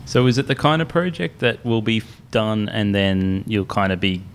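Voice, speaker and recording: A man's voice: lowish voice, animated, normal speed, slight background noise. A man co-hosting a podcast, listening attentively, laughing easily and asking follow-up questions. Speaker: podcast co-host. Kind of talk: casual chat.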